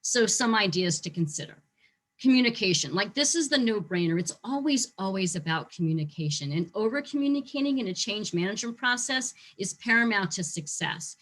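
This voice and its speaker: A woman teaching a short online lesson on facility management, talking lively and acting out how staff react to change. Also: medium pitch, brisk. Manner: lively, acts out staff reactions in quoted voices.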